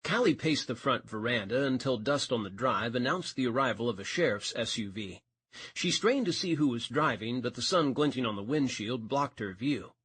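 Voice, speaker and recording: Expressive male audiobook narrator, husky. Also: medium pitch, normal speed. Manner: expressive reading, voices each character.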